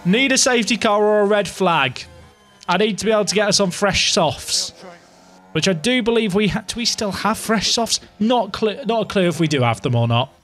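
Young male streamer, fairly high voice that swings wide, dramatic and self-mocking live game chatter, faint music underneath. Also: animated, moderate pace, fairly bright tone. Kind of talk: live gameplay commentary.

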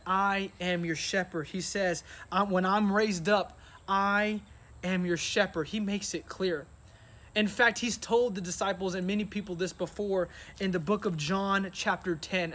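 A young man preaching as a youth pastor, earnest and animated, acting out the disciples' questions as he tells the story. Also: high voice. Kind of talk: sermon.

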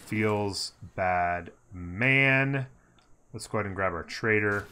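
A man's voice: lowish voice, takes it slowly, pushed and bright, clear, resonant tone. A man giving upbeat, casual commentary on a strategy game, thinking aloud and humming as he plays. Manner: upbeat, thinking aloud, hums while playing. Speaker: gameplay commentator.

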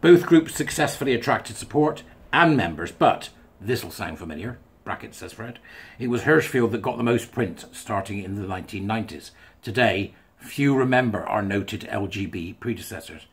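Male commentator, husky, reads a text aloud and riffs on it casually. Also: lowish voice, lively intonation, normal speed. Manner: chatty, wry asides, breaks into laughs. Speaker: commentator reading a thread aloud. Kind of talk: casual monologue reading and commenting.

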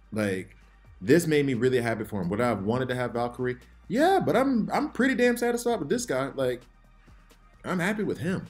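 A man hosting a casual game commentary video, rambling and excitable, jittery from too much coffee. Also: mid-range voice. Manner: rambling, excitable, self-interrupting. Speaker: gaming channel host.

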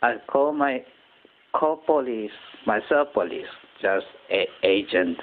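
Slow, halting man, tinny sound. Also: fairly low pitch, expressive. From Japan. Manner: rambling, halting non-native English with many restarts. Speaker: channel host. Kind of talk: casual personal monologue. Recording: tinny phone-quality audio with faint noise.

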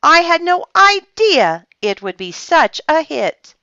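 Casting: woman voicing a shrill, proud little girl hawker, very high, storybook reading. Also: big pitch swings, moderate pace, fairly bright tone, no room sound. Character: proud young girl selling lemonade. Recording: dull dry lo-fi sound.

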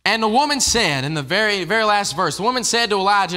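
A man's voice: high-pitched, lively intonation, fast, hardly any pauses, pushed and bright. A man preaching a casual evening sermon in a church, talking conversationally and often restarting his phrases.

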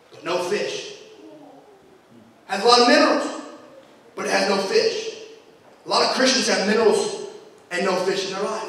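A man's voice: sits high, fairly bright tone. A young man preaching a sermon as pastor, with fervent, repetitive refrains. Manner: preaching with rising fervor and repeated refrains. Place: large echoey church sanctuary. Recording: echoey hall, voice from far off.

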